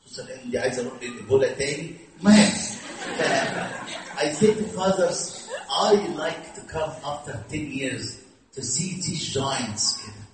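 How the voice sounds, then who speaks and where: An older man with an Egyptian accent, preaching a lively sermon in mixed English and Arabic and rallying his audience to answer back. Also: mid-range voice, fast, noisy background. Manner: animated preaching, mixing English with Arabic, rallies audience call-and-response. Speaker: priest. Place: large hall with audience. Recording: echoey hall from far off.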